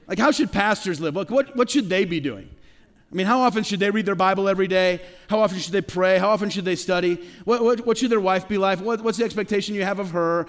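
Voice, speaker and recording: High-voiced pastor preaching in a reverberant hall. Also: male voice, fast talker, fairly bright tone. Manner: conversational preaching with rhetorical questions and stammered restarts. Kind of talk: sermon. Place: church sanctuary. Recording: long reverb of a large hall.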